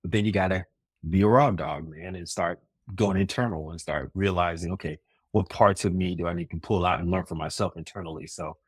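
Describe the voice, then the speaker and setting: A man's voice: sits low, brisk, slightly rough, no room sound, clean studio sound. A man co-hosting a podcast in casual chat, reflective and rambling, laughing often. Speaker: podcast co-host.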